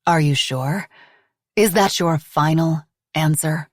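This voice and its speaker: A woman voicing a steady, relentless woman who keeps pressing an accusation. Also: low voice, slow, dry recording, clean studio sound. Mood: insistent. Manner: cold and insistent.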